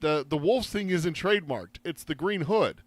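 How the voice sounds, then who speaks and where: A man's voice: on the high side, lively intonation, moderate pace, no echo. A man co-hosting a podcast, talking animatedly and swearing freely in casual chat. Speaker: podcast co-host.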